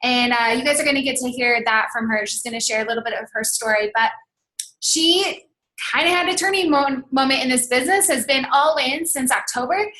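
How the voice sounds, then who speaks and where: A woman's voice: high-pitched, pushed and bright. A woman hosting a webinar, introducing a guest in an upbeat, enthusiastic way with frequent fillers. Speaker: webinar host. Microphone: call recording.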